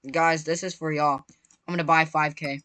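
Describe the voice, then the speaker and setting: An excitable gaming creator giving live gameplay commentary, chatty and repetitive, constantly talking to viewers and bursting into shrieks when startled. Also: medium pitch, normal speed. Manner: repetitive, chatty, playful slang.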